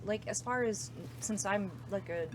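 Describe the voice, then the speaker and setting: A woman's voice: medium pitch, a little slow, crowd noise. A woman co-hosting a podcast, talking hesitantly with many fillers while searching for words, heard from far off the mic. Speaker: podcast co-host. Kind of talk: casual chat. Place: comic shop.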